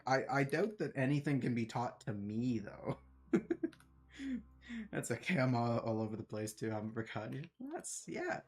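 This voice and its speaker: A man chats with his stream audience while he plays, rambling and poking fun at himself between laughs. His voice sits at an ordinary middle pitch, and soft music runs faintly underneath. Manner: rambling, self-deprecating, laughs often. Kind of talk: casual chat while gaming.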